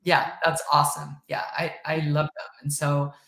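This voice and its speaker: Middle-aged woman telling her story, earnest and halting, laughs a bit, echoey room. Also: sits low, flat delivery, creaky, fairly bright tone. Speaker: podcast guest. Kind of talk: emotional personal storytelling. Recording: roomy echo.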